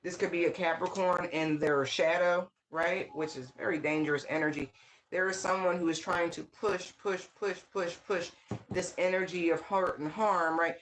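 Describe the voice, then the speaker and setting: An excitable tarot reader gives a casual channeled reading, speaking straight to the viewer at a middle pitch. The delivery bursts into exclamations, repeats words for emphasis and keeps checking in with "right?" A faint hiss sits under the voice. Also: normal speed, poor audio. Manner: talks straight to the viewer, often asking "right?".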